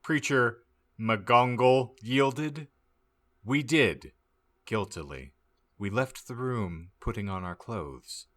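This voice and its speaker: A man reading a badly written story aloud as a comic audiobook, deadpan and stumbling over misspelled words. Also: mid-range voice, takes it slowly. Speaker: podcast host reading aloud.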